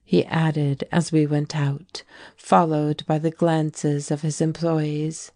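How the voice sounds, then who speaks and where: A woman reads a classic novel aloud in a deep, low register. Her delivery is slow and measured. The recording is dry and close. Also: little pitch movement, mellow, no echo. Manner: measured, unhurried literary reading. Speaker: audiobook narrator. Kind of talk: audiobook reading of a classic novel.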